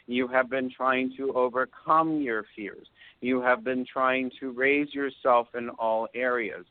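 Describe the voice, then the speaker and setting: Over a dry phone line with no room sound, a man with a mid-range voice hosts a call-in radio show offering psychic readings. He delivers soothing, drawn-out pronouncements, often checking in with "okay?"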